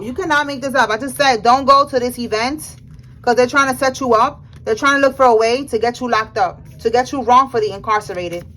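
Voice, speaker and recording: A woman's voice: high voice, a bit bright, low-quality recording. A woman giving a general tarot reading in a casual, emphatic way, talking straight to the viewer with slangy speech. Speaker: tarot reader.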